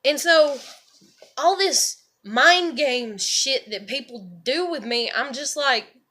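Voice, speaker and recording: Woman vlogger, somewhat high and bright-voiced, casual rambling delivery, salty language. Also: lively intonation, slow. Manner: rambling, swears freely, leans on "you know" and "like".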